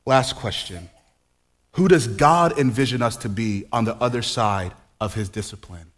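A man's voice: medium pitch, moderate pace. A man in his forties preaching a sermon in a conversational way, full of rhetorical questions and playful asides. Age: 40s. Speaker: pastor.

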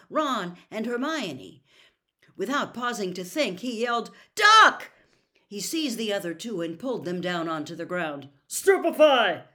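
A woman's voice: mid-range voice, a bit bright. A woman reading a novel aloud expressively as a storyteller.

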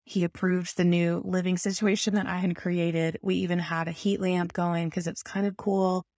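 A woman telling a personal story in an animated, self-mocking way, full of rambling asides. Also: fairly low pitch, normal speed, no room sound, clean studio sound.

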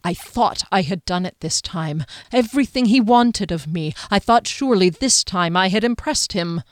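A woman's voice: medium pitch, animated, normal speed, no echo, clean studio sound, close to an everyday voice. Woman voicing an earnest, frustrated young captain. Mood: bitter.

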